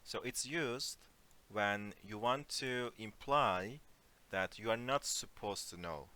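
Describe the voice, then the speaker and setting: A man teaching an online Turkish lesson in English, explaining phrases slowly and giving spoken examples. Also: lowish voice, bright, forceful tone. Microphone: computer mic on a voice call.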